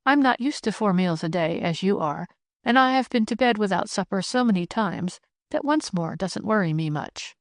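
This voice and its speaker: A woman reading the part of a kind, practical young peasant girl in an audiobook, speaking briskly and teasing gently. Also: mid-range voice, expressive, no echo, clean studio sound, natural voice.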